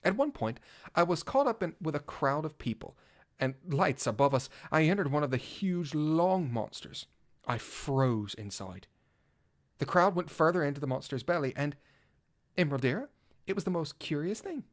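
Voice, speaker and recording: A man's voice: fairly high pitch, very animated, moderate pace. A man playing a vain, theatrical cat-knight bard. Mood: wry. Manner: flowery old-fashioned speech; theatrical, swinging from pompous to flustered. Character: vain gallant male cat-knight bard, grandly dramatic. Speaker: narrator. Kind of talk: first-person fan audio drama reading.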